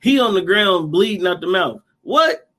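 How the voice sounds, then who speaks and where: A man with a notably high voice riffs in animated slang. He sounds mock-outraged as he jokes, then turns to asking his co-host questions. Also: normal speed. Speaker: podcast co-host. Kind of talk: casual chat.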